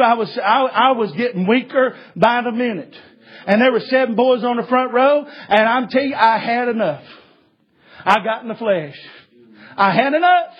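A man preaching a sermon, telling a story in a folksy, repetitive way with many filler sounds and bursts of shouting. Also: very high-pitched, breathy edge, highs cut off.

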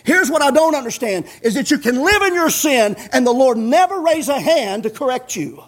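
A man preaching a folksy sermon in a very high, husky voice. He chuckles along, peppers his lines with "amen," and builds to fervent shouts. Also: animated, normal speed. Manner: punctuates with "amen".

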